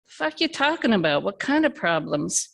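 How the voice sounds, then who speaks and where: A man's voice: sits high, very animated, normal speed, vocal fry, fairly bright tone, heavily acted. A woman reading a story aloud, voicing a rude, violent male drug dealer who drawls and snarls. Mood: menacing.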